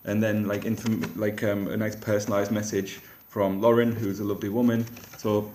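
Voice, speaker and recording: A man's voice: on the low side, flat delivery, normal speed, hardly any pauses, darkish tone, a little hiss or hum. Rambling man, roomy sound. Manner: self-deprecating, rambling with restarts. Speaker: comedian vlogger. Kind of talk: casual rambling vlog. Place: rented flat. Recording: echoey room.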